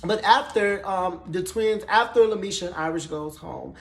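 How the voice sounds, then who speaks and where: Gravelly yet high-voiced, this man recaps a TV episode with sass, profanity, and gossip. His animated delivery moves at a moderate pace, and the room around him echoes.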